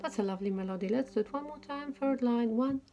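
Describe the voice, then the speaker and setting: A woman leading a singing lesson. She counts in the beats, sings phrases slowly and explains notes quickly between them. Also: fairly high pitch, lo-fi sound. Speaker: singing teacher. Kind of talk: choir rehearsal, counting in and singing. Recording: loud guitar accompaniment.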